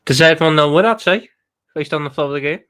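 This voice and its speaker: A man's voice: fairly high pitch, clean tone. A man giving fired-up football analysis as a panel guest, repeating words as he pushes his points. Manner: fast, emphatic, repeats words when excited. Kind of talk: passionate match analysis.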